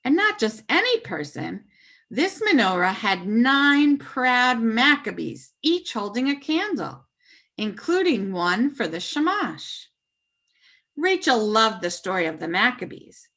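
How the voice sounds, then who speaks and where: A woman reading a children's story aloud with puppets, expressive and animated. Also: fairly high pitch.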